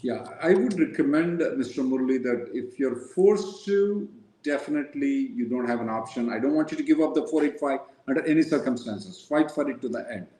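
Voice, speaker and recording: A man's voice: medium pitch, animated, fairly quick, dark tone, echoey room, low-quality recording. A man answering viewer questions as a regular on a live Q&A show, restating each question and thinking aloud with some hesitation.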